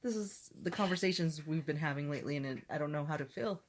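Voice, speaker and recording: A woman's voice: low-pitched, quick pace, a little hiss or hum. A young woman co-hosting a casual podcast, bantering in a teasing, affectionate way with her partner. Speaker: podcast co-host.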